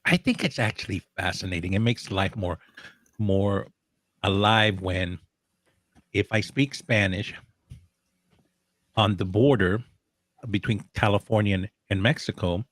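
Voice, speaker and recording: A man chatting casually on a talk show, telling animated stories with frequent restarts and laughs. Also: fairly low pitch, a little slow, pauses often, no echo. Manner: animated storyteller, laughs often, many restarts. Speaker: co-host of a social media talk show. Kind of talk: casual chat.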